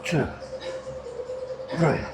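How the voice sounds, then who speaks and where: A man, talking casually through a workout in a gym, joking, swearing and short of breath between reps. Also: very slow. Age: 60s. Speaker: gym vlogger. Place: busy gym with music playing. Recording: gym music in background.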